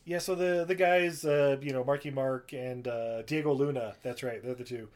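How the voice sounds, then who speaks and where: A man's voice: medium pitch, fairly even intonation, moderate pace, a little mellow. A man casually recapping a movie plot in a rambling, profane way, acting out the characters in raised voices. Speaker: podcast co-host.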